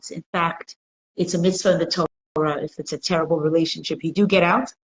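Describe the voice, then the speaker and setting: A woman's voice: lowish voice, a little fast, poor audio. A woman teaching an interactive religious class, telling stories and asking her listeners questions. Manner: animated storyteller, asks the class questions. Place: community centre classroom.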